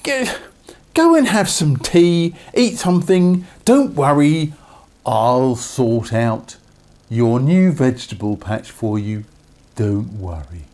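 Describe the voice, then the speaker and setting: A man's voice: medium pitch, lively intonation, slow pace, a little mellow. A man voicing a bossy, scheming queen who snaps impatient orders at her husband.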